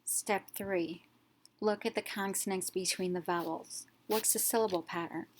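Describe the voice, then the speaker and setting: A woman teacher narrating a reading lesson, explaining step by step and sounding out letters clearly. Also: mid-range voice, fairly even intonation, normal speed, a little hiss or hum.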